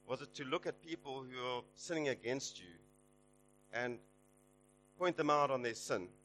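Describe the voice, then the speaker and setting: A man preaching a sermon, exhorting his listeners and rising loud and high on the promises. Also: lively intonation, moderate pace, rough recording.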